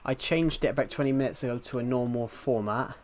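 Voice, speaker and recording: A man's voice: mid-range voice, quick pace. A man with a Southwest English accent streaming a game live, rambling and chatting casually to his viewers, often restarting his sentences. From England. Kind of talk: casual live-stream chat while gaming.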